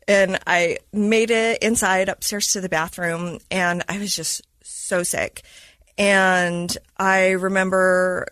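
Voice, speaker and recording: A woman who is a mother of school-age kids, a podcast guest telling a personal story in a lively way and acting out what people said. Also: lowish voice, takes it slowly, dry recording. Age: adult mother of school-age kids. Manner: lively retelling that acts out quoted dialogue.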